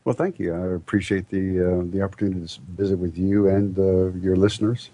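A man being interviewed as a company owner on a talk show, relaxed with some fillers. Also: low voice, a little fast. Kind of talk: casual interview. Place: studio.

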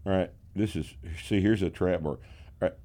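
A man's voice: sits low, moderate pace, mellow. A man hosting a podcast, sardonic and profane, mocking critics in casual banter. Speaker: podcast host.

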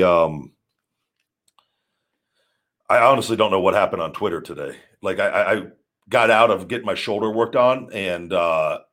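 A man hosting a live stream, talking casually in a rambling, blunt way and swearing freely. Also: low-pitched. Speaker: show host.

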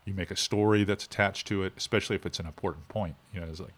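A middle-aged man, a fishing instructor talking in a casual interview with animated, shifting inflection. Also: low voice, very fast, slight background noise.

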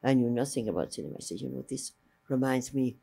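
With a gravelly bass voice that still feels warm, an older woman speaks quickly while reminiscing in story form. She's a filmmaker interviewee whose first language is French, and her lively, rambling telling includes false starts and acted-out quotes from others.

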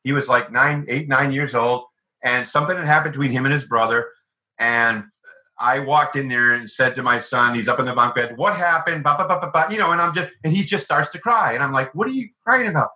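A man, an author and guest, explaining ideas through animated stories and acted-out quotes. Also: mid-range voice, a little fast, low-quality recording. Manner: animated, acts out quoted voices. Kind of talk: conversational storytelling.

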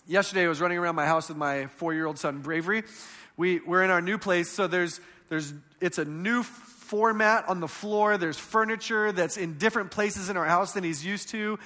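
Bright high-voiced man preaching in reverb. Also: normal speed. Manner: conversational storytelling, swinging between loud and hushed. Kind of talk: sermon.

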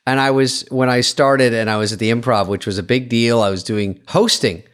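Man, podcast co-host, casual chat, animated storyteller, mid-pitched voice. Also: a little fast.

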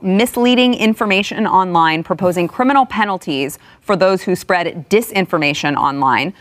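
A young adult woman from Texas hosting a news commentary show, brisk and sarcastic, with frequent filler words. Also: mid-range voice. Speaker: host.

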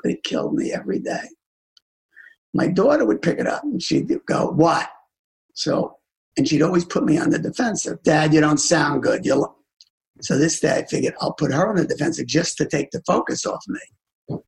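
An older man with a gravelly, slightly high voice tells a deeply personal story as a talk guest. He talks intimately and often sinks into a hushed, near-tearful half-whisper. The pace is unhurried and confessional. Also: animated, low-quality recording. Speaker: podcast guest, music agent. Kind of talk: emotional storytelling.

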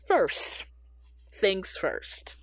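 A woman's voice: very slow, dry recording, whispered. A woman co-hosting a podcast, ranting sarcastically about a TV episode in casual chat. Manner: animated, sarcastic, exaggerated ranting. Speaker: podcast co-host.

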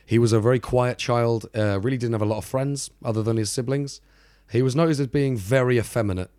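A man's voice: mid-range voice, a little fast, warm tone, no echo. A man co-hosting a podcast, telling a story in casual, wry, joking chat. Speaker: podcast co-host.

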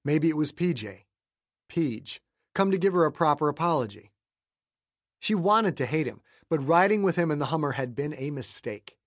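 A man narrating a novel as an audiobook in an even, measured storytelling voice. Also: fairly high pitch, no echo, clean studio sound. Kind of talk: scripted narration.

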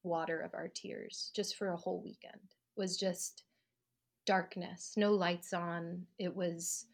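A woman's voice: on the low side, a little slow, creaky. A woman, an actor and writer, telling a personal story at home in an interview, acting out the voices of people she quotes. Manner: reflective, acts out quoted voices with lively rises. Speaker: podcast guest, actor and writer. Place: at home, living room.

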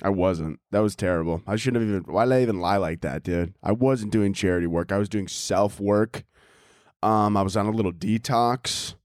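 A man's voice: fairly low pitch, moderate pace, a little mellow, no echo, studio quality. A young man hosting his own podcast solo, rambling in a profane, self-mocking way and laughing often at his own jokes. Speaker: podcast host. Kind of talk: casual comedic podcast monologue.

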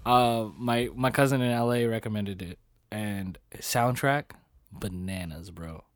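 A man's voice: fairly low pitch, unhurried, no room sound, clean studio sound. A man in casual chat as a podcast co-host, laid-back and slangy, swearing easily.

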